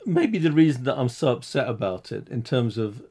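Man, gravelly voice, halting restarts, critical casual chat. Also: mid-range voice, lively intonation, darkish tone. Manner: halting, restarts, rising when frustrated. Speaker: podcast co-host.

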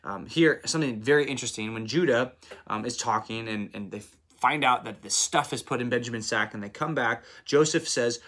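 Male Bible teacher, conversational devotional, mid-pitched, animated retelling. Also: brisk. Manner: retells scripture in lively paraphrase with acted quotes.

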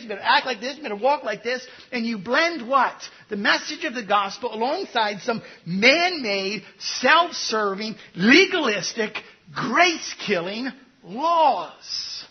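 A man's voice: very high-pitched, slightly rough, dull audio. A man preaching a sermon, conversational, throwing rhetorical questions at his congregation. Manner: conversational with asides. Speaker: pastor.

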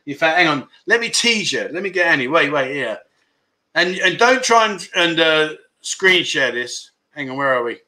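A man's voice: a little high, very animated, moderate pace, sharp tone. A middle-aged man, hosting a casual livestream, chatting with viewers and calling them mate. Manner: chummy banter, calls viewers "mate" and "my friend". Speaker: livestream host. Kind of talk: casual livestream chat, reading viewer comments. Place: home.

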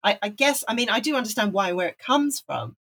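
A woman's voice: mid-range voice, animated, fairly quick, a bit bright, breathy edge. A woman from Wales, co-hosting a podcast, talking casually and enthusiastically with frequent restarts. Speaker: podcast co-host. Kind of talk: casual chat.

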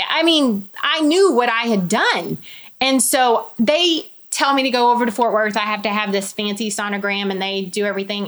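A woman's voice: medium pitch, lively intonation, normal speed, a bit bright. Chatty woman telling her story. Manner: candid, chatty storytelling with many quoted asides. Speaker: interview guest. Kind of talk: personal testimony in casual conversation.

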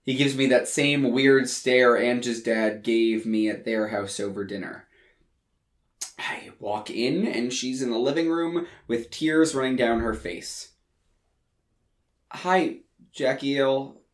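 A man's voice: mid-range voice, steady tone, a little slow. A man narrating a first-person story in a crude, emphatic way. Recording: roomy echo.

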